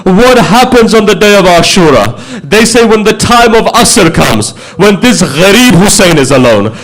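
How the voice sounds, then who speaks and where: A man's voice: sits high, big pitch swings, normal speed, few pauses, fairly bright tone. A male religious speaker delivering a mourning sermon, telling the story with feeling and posing rhetorical questions.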